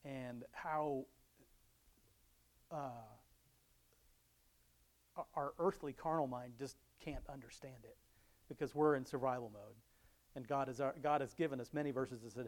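A man's voice: mid-range voice, measured pace, pauses often. A middle-aged man giving a casual devotional talk, rambling, chuckling often and restarting his sentences. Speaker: Christian speaker.

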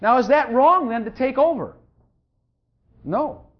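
A pastor preaching a sermon, emphatic and repetitive, hammering each point home and sometimes mumbling quietly while looking something up. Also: sits high, expressive, unhurried. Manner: drops to quiet mumbling when searching for a verse. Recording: dull lo-fi recording.

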